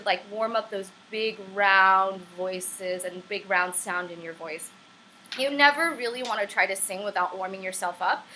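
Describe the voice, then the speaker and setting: A woman's voice: medium pitch, bright, forceful tone, slight background noise, low-quality recording. A young woman at home teaching a casual online singing lesson, chatty, encouraging and prone to tangents. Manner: upbeat and encouraging. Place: at home on camera.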